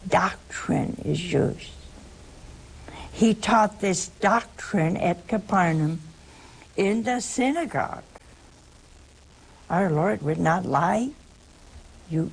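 A woman hosting a call-in program speaks slowly and deliberately. Her voice has a gravelly, rough edge. She answers a caller with emphatic religious teaching, repeats her points and quotes scripture at length. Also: mid-range voice, poor audio.

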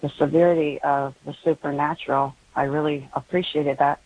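A woman calling in to a radio show who talks haltingly, with many pauses and ums, emotionally strained. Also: sits low, steady tone, dull audio. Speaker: radio caller. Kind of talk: call-in radio conversation.

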